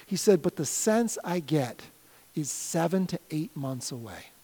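A middle-aged man preaching a sermon as pastor of his church, swinging from loud shouted appeals down to soft, quiet prayer. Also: fairly high pitch, lively intonation, measured pace, breathy edge. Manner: builds to loud shouted pleas, then drops to soft prayer. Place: church sanctuary. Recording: long hall reverb.

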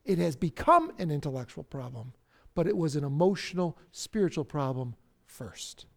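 A man's voice: fairly high pitch, very animated, normal speed, creaky. Man preaching a dramatic sermon. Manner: dramatic, acts out the psalmist's cries and swings from loud outbursts to near-whispers. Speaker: pastor.

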